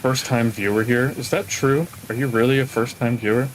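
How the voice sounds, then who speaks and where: A man of ordinary pitch talks loosely on a gaming stream, wandering through stories and often stopping to find his words. A faint hiss runs underneath. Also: fairly even intonation, fairly quick, rough recording. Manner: rambling storyteller, trails off mid-sentence. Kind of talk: casual chat while gaming.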